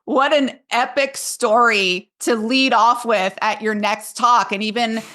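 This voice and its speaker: A woman's voice: on the high side, fairly even intonation, measured pace, bright, forceful tone. Woman coach on a podcast mic, earnest and emphatic, wears her heart on her sleeve, chatty. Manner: earnest, emphatic and openly emotional. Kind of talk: casual podcast conversation.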